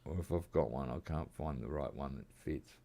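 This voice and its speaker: A deep, gravelly-voiced Australian man in middle age, talking loosely over gameplay. His tone is dark and mellow, and he rambles in a relaxed way, dropping slang like "mate" and "reckon" with easy chuckles. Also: brisk. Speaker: gaming streamer. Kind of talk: casual gameplay chat.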